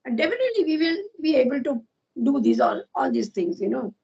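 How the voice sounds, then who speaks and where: Woman, Indian accent, high pitch, agreeable, lots of fillers, dull lo-fi audio. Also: wildly swooping pitch, brisk, gravelly, a little mellow. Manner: agreeable, lots of "yes" and "you know". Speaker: guest speaker. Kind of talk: casual conversation practice. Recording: muffled lo-fi audio.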